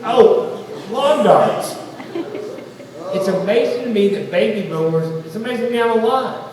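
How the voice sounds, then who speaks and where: A man's voice: high voice, expressive, moderate pace, a crowd in the background. A middle-aged man with a Southern US accent doing stand-up comedy, telling stories and acting out voices in quotes. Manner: storytelling, acts out voices in quotes. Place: large hall on stage. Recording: roomy hall from a distance, audience noise.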